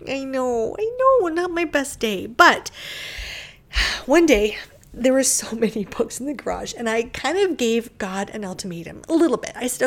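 A middle-aged woman hosting her own podcast, telling a personal story in a candid, expressive way with laughs and whispered asides. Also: on the high side, normal speed. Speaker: podcast host and bookshop owner.

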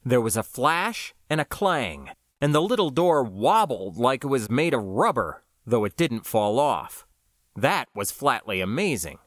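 Guy reading a scifi novel out loud, first person, lots of ups and downs in his voice, dry close sound. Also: mid-range voice, big pitch swings, measured pace, dry recording. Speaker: audiobook narrator. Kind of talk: first-person scripted narration.

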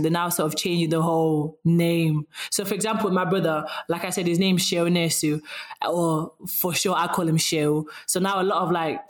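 A young woman from Zimbabwe with a Sheffield accent talks as a podcast guest, loose and lively, peppering her speech with "like" and quick laughs. Her voice sits a touch low for a woman. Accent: Sheffield English. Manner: chatty, animated, laughs often, many likes. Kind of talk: casual conversation.

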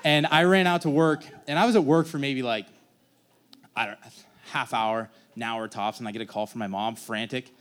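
A man's voice: mid-range voice, steady tone, normal speed, a bit bright, smooth. A young man telling a casual, rambling personal story on stage, acting out the people in it. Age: young adult. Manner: casual rambling, acts out quoted voices.

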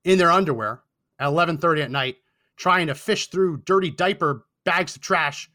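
Bright-voiced sarcastic male talk host. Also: on the high side, normal speed. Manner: indignant and sarcastic. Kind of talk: storytelling commentary.

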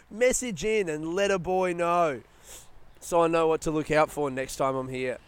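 A young Australian man hosting a casual solo podcast outdoors, rambling through stories in a chatty, rushed way. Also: a little high, clean tone, no room sound. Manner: rambling, chatty, retelling stories with quoted voices. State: yawning, a bit rushed. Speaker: podcast host. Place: outdoors in a smoking area by a housing estate.

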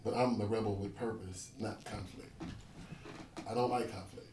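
A man's voice: lowish voice, fairly even intonation, normal speed, darkish tone, roomy sound, a little hiss or hum. A man, a pastor, speaking emphatically and self-assuredly in a casual conversation.

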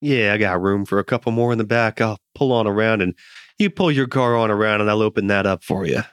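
A man's voice: fairly low pitch, brisk, clean tone, no room sound, clean studio sound, lightly acted. A man voicing a huge, friendly male trucker with a put-on Southern drawl.

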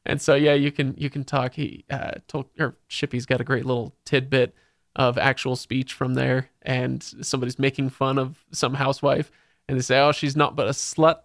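A man's voice: mid-range voice, level tone, moderate pace, creaky, no room sound, clean studio sound. A man hosting a podcast, chatting casually and eagerly sharing book trivia. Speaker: podcast host.

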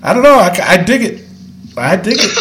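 A man's voice: high voice, big pitch swings, moderate pace, a bit bright, a little hiss or hum. A man co-hosting a casual wrestling podcast, laughing often and giving short reactions. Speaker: podcast co-host. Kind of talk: casual wrestling recap chat.

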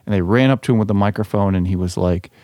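A young man hosting a casual chat, telling stories in an animated, rambling way with many fillers. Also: on the low side, fast, no echo, clean studio sound.

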